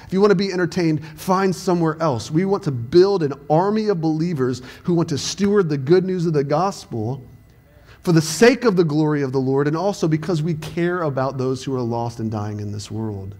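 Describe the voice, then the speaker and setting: A man's voice: on the high side, a little mellow. A male pastor with a Southern US accent, preaching a sermon with earnest emphasis that swells at times. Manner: earnest preaching, rising to raised emphatic passages.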